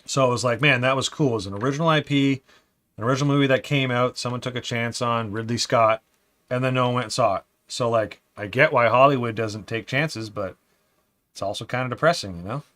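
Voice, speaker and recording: A man's voice: medium pitch, a little fast. Chatty man muttering over a Lego build. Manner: chatty, opinionated, reads out viewer comments; often drops to quiet muttering while building. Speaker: livestream host building Lego. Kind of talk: casual live-stream chat.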